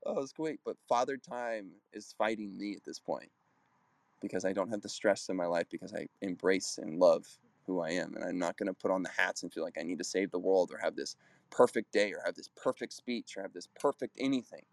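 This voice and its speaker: Fast-talking earnest man in his thirties. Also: sits low, vocal fry, no echo. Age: 30s. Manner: rambling, earnest, frequent restarts and acted-out quotes. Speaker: basketball player and coach hosting a group talk. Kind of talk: casual motivational talk.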